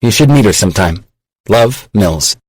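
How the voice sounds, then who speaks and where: A candid, wry woman professor in her thirties pours out confessional, self-mocking messages, voiced by a man. The voice sits low and dry, with no room around it. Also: expressive, moderate pace, no room sound, low-quality recording. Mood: wry, confiding.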